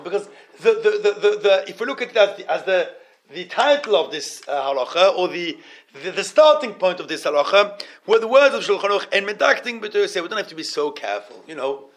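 A man with a high voice teaches an informal Torah class. He starts over often and repeats himself. He puts questions to his students and drops Hebrew terms into his English. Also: big pitch swings. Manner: halting, repeats words, asks the class questions.

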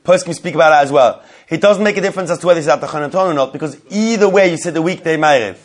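Fast-talking man teaching a religious law class. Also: a little high. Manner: repeats key points and quizzes listeners. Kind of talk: Talmudic law lesson to a live group.

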